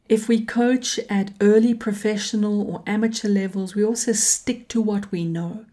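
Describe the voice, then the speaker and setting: Slow, mellow-voiced woman coaching instructor. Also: medium pitch. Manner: calm, emphatic, drops to a whisper for stress. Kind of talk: tutorial talk to camera.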